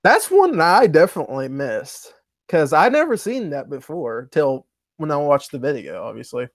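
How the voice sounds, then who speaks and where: A man in casual stream chat with a lively, bouncing voice that sits a bit high for a man. He swears and laughs easily. His mic sounds dry and close. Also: normal speed, no echo. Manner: profane, laughs a lot, lively. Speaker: live stream co-host.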